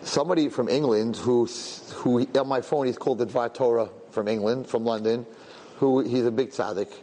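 A man teaching a religious lesson, telling personal stories in an animated, conversational way and acting out the dialogue. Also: mid-range voice, normal speed, a little hiss or hum.

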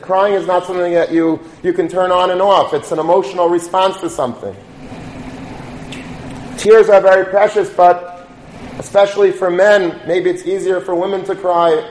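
Man, high voice, earnest Torah talk, echoey room, faint background noise. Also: darkish tone. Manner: earnest, storytelling, uses Yiddish and Hebrew terms. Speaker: rabbi.

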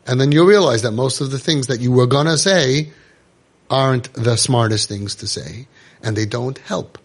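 A man's voice: mid-range voice, normal speed. A man giving an impassioned religious lecture to parents, scolding and rhetorical, sprinkling in Hebrew and Yiddish terms.

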